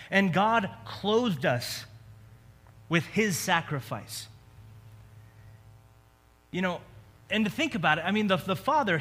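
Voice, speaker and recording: A man's voice: sits high, a bit bright. A man preaching a sermon as a pastor, talking in a conversational way with joking asides. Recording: long reverb of a large hall.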